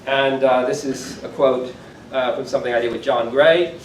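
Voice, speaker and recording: A man's voice: mid-range voice, steady tone, normal speed, a little hiss or hum. A man in his sixties giving a conference keynote lecture, talking conversationally with self-deprecating asides. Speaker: keynote speaker. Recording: echoey hall from far off, faint room ambience.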